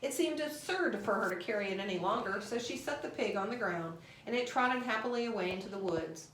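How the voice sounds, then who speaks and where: A woman reading a children's storybook aloud in an expressive, animated way. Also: medium pitch, brisk, slight background noise. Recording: roomy echo.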